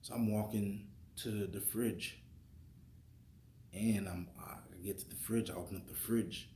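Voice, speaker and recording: Man, very low voice, animated dream story, whispers at times, echoey room, faint hiss. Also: measured pace. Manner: animated, acts out his own lines, drops to whispers. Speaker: vlogger telling a dream. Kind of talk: casual storytelling.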